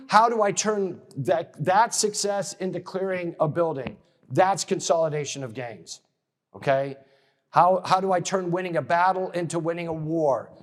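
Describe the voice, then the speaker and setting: A man lecturing at a conference in a conversational way, often checking in with "okay?" and restarting phrases as he builds a point. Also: high voice. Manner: restarts and repeats words while building a point. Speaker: military studies lecturer and author.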